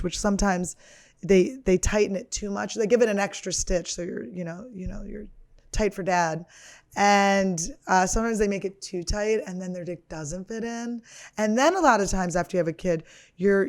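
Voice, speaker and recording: A woman in her thirties with a mid-range voice hosts a podcast, riffing through a casual comedic monologue. Her style is crude, rambling, profane and self-mocking.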